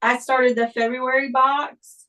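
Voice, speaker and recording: A woman's voice: sits high, little pitch movement, pushed and bright, poor audio. A woman chatting as a guest on a sewing livestream, hesitant and full of ums. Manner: slow, hesitant, with many ums. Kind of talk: casual chat.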